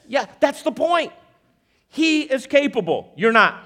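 A man's voice: very high-pitched, a little slow. A man preaching a sermon, using a magic trick as an object lesson and often checking in with the audience. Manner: animated, questioning the audience, repeating verses for emphasis.

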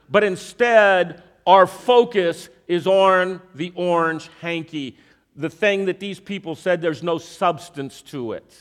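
High-voiced animated male preacher. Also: takes it slowly. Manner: animated, questioning the audience, repeating verses for emphasis. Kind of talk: sermon with a magic trick object lesson.

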